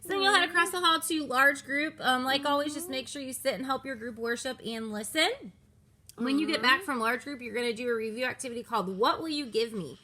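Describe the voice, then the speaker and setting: Bright-voiced woman explaining a kids' lesson. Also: sits high, a little fast. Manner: chatty, stops to correct her children mid-explanation. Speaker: children's ministry leader. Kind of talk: recorded lesson walkthrough. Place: home, with her small children around.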